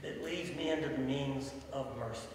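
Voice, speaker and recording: A man's voice: normal speed, slight background noise. Echoey preacher man. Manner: storytelling preacher, swells loud and drops low. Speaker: pastor. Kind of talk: sermon. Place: large church sanctuary. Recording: echoey hall from far off, faint ambience.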